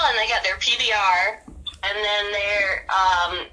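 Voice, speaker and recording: A woman's voice: medium pitch, slow, pushed and bright, rough recording. A woman from the American South with a Southern accent, chatting on a podcast as a guest in a rambling, giggly, teasing way. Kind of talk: casual chat.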